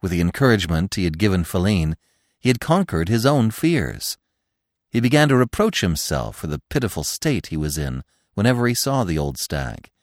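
Male narrator reading a storybook, low voice, really lively delivery, dry close sound. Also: no echo. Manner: expressive storytelling. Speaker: podcast host and reader. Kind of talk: audiobook narration.

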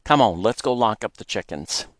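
A man voicing a curious young boy who talks in a hushed, eerie way at times. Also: on the low side, animated, moderate pace, no room sound, studio quality, close to an everyday voice. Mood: playful.

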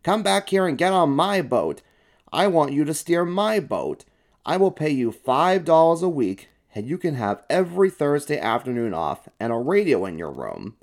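A man voicing a fat, sulky twelve-year-old boy who yells his demands, in a read-aloud children's story. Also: huge pitch swings, moderate pace, gravelly, few pauses. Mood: demanding. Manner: yelling, higher and louder.

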